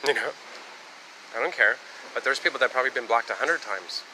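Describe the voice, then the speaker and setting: Rambling man with a bright, hard-edged voice. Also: medium pitch, fast talker, slight background noise, low-quality recording. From United States. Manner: rambling, jumps between topics, swears freely. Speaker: vlogger on a live stream. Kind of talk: rambling casual live-stream monologue.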